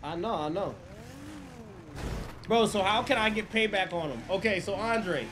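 A man's voice: high voice, animated, normal speed, a bit bright, a little hiss or hum. A man streaming a roleplay game, chatting casually, swearing freely and explaining rules to other players. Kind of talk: casual livestream chat.

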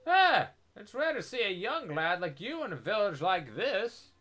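A man reading game dialogue aloud as an excitable old male villager who is jumpy and teasing, with shrill shouting bursts. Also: measured pace, heavily acted. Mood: alarmed.

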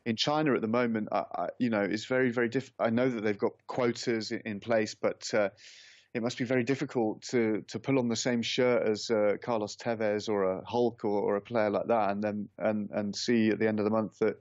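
A male football pundit with a low voice, speaking in a measured, halting way as he works through his points. He comes through a dull, muffled remote line that sounds dry. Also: fairly even intonation, no room sound. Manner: measured, halting, thinks aloud. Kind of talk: radio panel discussion.

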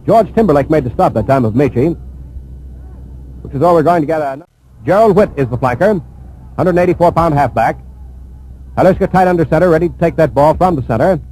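A man giving live radio play-by-play of a football game, calling each play in a brisk, steady flow. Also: fairly high pitch, low-quality recording. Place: press box at a stadium.

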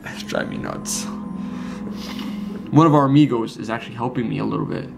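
Tired dad vlogging at home. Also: male voice, medium pitch, a little fast, gravelly, background noise. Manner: tired, rambling, self-mocking. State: exhausted. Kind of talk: casual vlog chat. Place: indoors at home. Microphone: handheld camera held up high.

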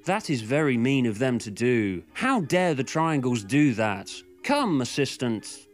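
A man voicing the Doctor as a pompous, self-absorbed hero in a deliberately silly fan retelling. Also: medium pitch, soft background music. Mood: indignant. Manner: grandly self-absorbed, flatly declaiming. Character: pompous self-important male time-travelling hero.

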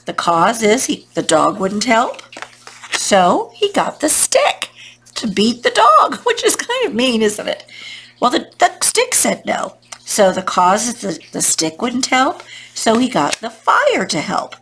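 A woman's voice: a little high, slow pace, a little hiss or hum. A woman teacher reading a picture book aloud to children, then explaining the lesson with playful questions. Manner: animated, playful storybook delivery.

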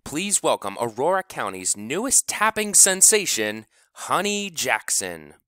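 A man's voice: fairly high pitch, very animated, a little slow, sharp tone, no room sound, studio quality, voice pushed up, exaggerated voice. A man voicing a grand small-town male announcer with a resonant, carrying voice. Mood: ceremonious.

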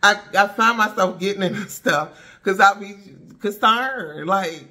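A woman's voice: mid-range voice, unhurried, sharp tone. Woman vlogger, outspoken and preachy, casual street-smart talk, lots of rhetorical questions. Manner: preachy, rhetorical and blunt, with slangy asides. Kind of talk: impassioned casual commentary monologue.

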